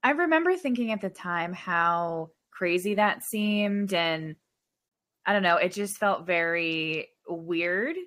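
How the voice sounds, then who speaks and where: A woman's voice: on the low side, fairly bright tone. Woman reacting on a podcast. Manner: reacting, quick remarks and questions. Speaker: podcast co-host. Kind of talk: casual podcast chat.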